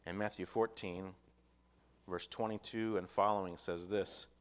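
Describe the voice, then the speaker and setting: A man's voice: deep voice, fairly even intonation, measured pace. A man preaching a sermon, reading scripture aloud with rising emphasis and putting rhetorical questions to his listeners.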